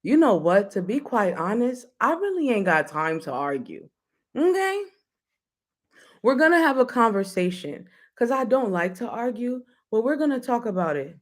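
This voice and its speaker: A woman's voice: on the high side, very animated, normal speed. Woman host, blunt and playful, chatting straight to her viewers. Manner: blunt, playful, laughs often, speaks to viewers. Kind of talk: casual live-stream talk show.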